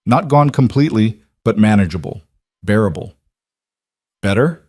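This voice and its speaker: A man reading a dramatic story as scripted narration, in an even, measured way. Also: on the low side, no room sound, studio quality.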